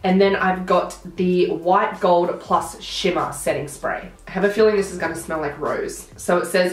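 A woman's voice: lowish voice, normal speed, few pauses, echoey room. A young woman with a blocked nose, chatting through a makeup tutorial as she applies each product. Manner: chatty, narrating each step as she works. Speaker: beauty vlogger.

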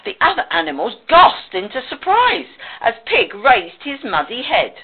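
A woman reading a children's picture book aloud with slow, expressive storytelling, on a tinny, phone-like recording. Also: a little high, slightly rough.

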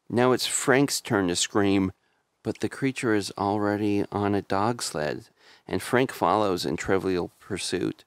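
A deep-voiced man narrates a comic retelling as a voice-over. His delivery is wry and deadpan, recorded dry and close with no room sound. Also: no room sound.

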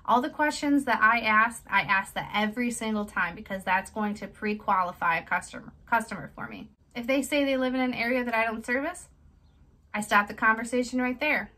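A woman's voice: on the high side, brisk, sharp tone, poor audio. A woman, a small business owner, giving direct, chatty tips in a casual how-to vlog. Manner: direct, chatty, plain-spoken.

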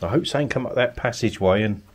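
A man's voice: mid-range voice, rapid-fire, breathy edge. A man from Kent, a paranormal investigator in an abandoned cottage at night, calling out politely to spirits and coaxing them to answer. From Kent, England. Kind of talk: ghost-hunting narration.

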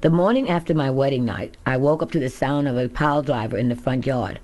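A woman's voice: extremely low pitch, a little fast, dark tone. A woman narrating her own memoir as an audiobook in a candid, first-person storytelling manner. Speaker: author reading her memoir.

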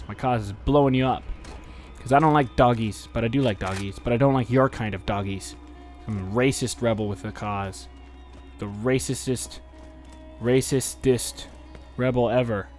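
A man's voice: mid-range voice, a little mellow. A man with a worn-out voice rambles through a video game, cracking jokes and talking back at the enemies on screen. He keeps his voice down because people are asleep. Faint game music plays behind him. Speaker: let's play commentator. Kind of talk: goofy gameplay commentary.

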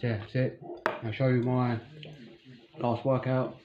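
A man's voice: mid-range voice, flat delivery, a little slow. A young man making a casual cooking vlog in his home kitchen, blunt and sweary. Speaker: vlogger. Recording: muffled, noisy home recording. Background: household chatter and noise.

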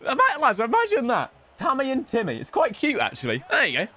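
A young man giving loud, joking commentary over a football video game, swearing often and putting on silly voices. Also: very high voice, wildly swooping pitch, fairly quick, a little hiss or hum. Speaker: gaming YouTuber. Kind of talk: energetic gameplay commentary.

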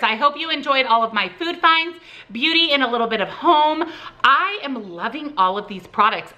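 A woman in her thirties, chatty and upbeat, talking through her favorite products at home. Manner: chatty and upbeat, with lively pitch jumps. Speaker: vlogger.

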